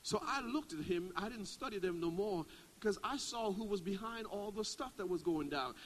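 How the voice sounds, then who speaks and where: A middle-aged male pastor preaching a sermon, dropping to a hush and then climbing to loud, rising exclamations. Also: high-pitched, expressive, normal speed, slight background noise, poor audio.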